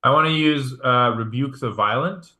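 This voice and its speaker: A man's voice: medium pitch, normal speed, pushed and bright, roomy sound. A man playing in a tabletop game, reading rules aloud and making dry, wry remarks. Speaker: player. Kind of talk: casual tabletop play.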